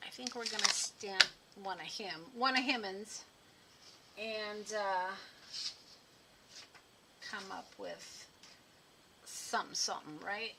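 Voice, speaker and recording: A woman hosting a live card-making demo, talking easily as she works and musing aloud about what to do next. Her voice sits at an ordinary middle pitch. A clear clicking noise runs steadily behind her. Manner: chatty, thinking aloud while working. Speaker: card-making tutorial host. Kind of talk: live craft demo chat.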